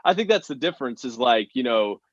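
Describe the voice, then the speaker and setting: A man's voice: medium pitch, lively intonation, fairly quick, no echo, lo-fi sound. A man from Texas, a country singer guest, talking earnestly in casual interview chat with many "you know" fillers.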